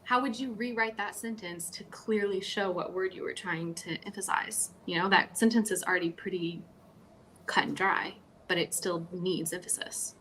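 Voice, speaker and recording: A woman's voice: lowish voice, fairly even intonation, moderate pace, fairly bright tone, a little hiss or hum, low-quality recording. A woman co-hosting a live writing stream, thinking aloud in a casual, musing and slightly rambling way. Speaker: writer co-host of a writing stream.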